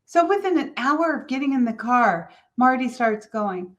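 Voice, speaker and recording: A middle-aged woman from California hosting a motivational business podcast, telling a family story with lively, animated delivery. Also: fairly high pitch, normal speed. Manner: storytelling, animated, quotes others in character. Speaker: podcast host.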